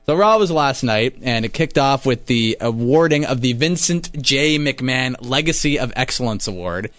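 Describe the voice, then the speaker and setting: A man co-hosts a casual radio chat and recaps events like a storyteller, slipping into quoted voices. His medium-pitched voice sounds dry and close. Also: normal speed, no room sound. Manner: lively storyteller, acts out quotes. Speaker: radio show co-host. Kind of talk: casual chat about wrestling.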